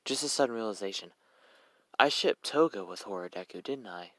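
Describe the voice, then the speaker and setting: A man's voice: fairly low pitch, lively intonation, fairly quick, sharp tone, no echo. A young man casually narrating a fan story, rambling and correcting himself as he goes. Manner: rambling, self-correcting, swears.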